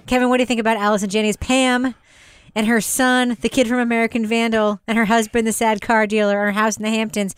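A woman's voice: fairly high pitch, little pitch movement, quick pace, smooth, no echo. A woman hosting a casual film-review podcast, joking and playful as she steers the chat. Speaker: podcast host.

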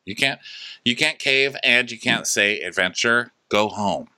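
Snarky man with a bright, forceful voice. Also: medium pitch, measured pace, clear, resonant tone. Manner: snarky, jokey storytelling. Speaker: podcast co-host. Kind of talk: comedic reality TV recap.

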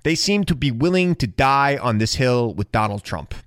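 A man giving an impassioned political monologue, indignant and building to loud rhetorical questions. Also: mid-range voice, lively intonation, moderate pace, dry recording, studio quality. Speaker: political commentator.

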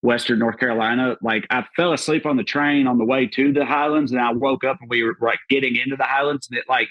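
Southern American male comedian, loose profane storyteller, mid pitch, dry recording. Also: steady tone, fast talker, dry recording, lo-fi sound. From Southern United States. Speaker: podcast guest, comedian. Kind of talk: casual chat.

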